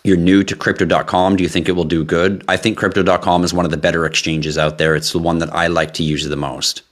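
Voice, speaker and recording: A man with a deep, low voice, sounding tired as he hosts a casual live stream. He reads out viewers' questions and answers them in a loose, chatty way. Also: flat delivery, fast talker. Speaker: livestream host answering crypto questions.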